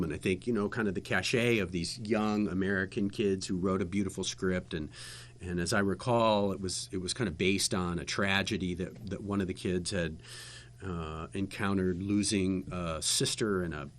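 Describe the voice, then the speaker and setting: Man telling a lively anecdote. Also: lowish voice. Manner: lively anecdotal storytelling with laughter. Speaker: guest, former TV interviewer. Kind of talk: casual storytelling chat.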